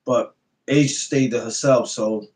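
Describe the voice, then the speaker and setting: A man's voice: medium pitch, fairly even intonation, measured pace, darkish tone, rough recording. A man telling stories in a laid-back casual podcast chat. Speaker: podcast co-host.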